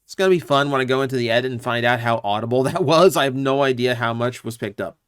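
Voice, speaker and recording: A man's voice: mid-range voice, quick pace, clean tone, dry recording, clean studio sound. A man hosting his own channel, giving casual, opinionated commentary with lots of asides and fillers. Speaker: YouTube channel host.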